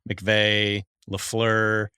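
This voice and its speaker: A middle-aged man co-hosting a sports podcast in a relaxed, rambling way. His voice is bright and clear. The recording is dry and close. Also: on the low side, extremely slow, no echo. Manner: laid-back, laughs often, trails off. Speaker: podcast co-host. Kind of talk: casual sports chat.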